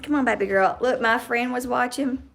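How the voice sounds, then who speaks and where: A woman's voice: a little high, moderate pace, gravelly, fairly bright tone, a little hiss or hum. A woman with a Southern US accent, hosting a casual livestream and chatting with viewers by name. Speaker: livestream host. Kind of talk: casual livestream chat reading viewer comments.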